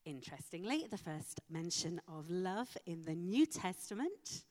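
A woman preaching a sermon, slow and emphatic with dramatic pauses. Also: on the low side, big pitch swings, a little mellow. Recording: long hall reverb.

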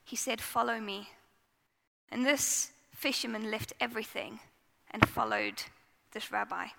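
A woman's voice: on the high side, fairly even intonation, unhurried, gravelly, bright, forceful tone, big-room sound. A woman giving a conversational, earnest sermon in a church. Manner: earnest, conversational preaching with fillers. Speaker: preacher.

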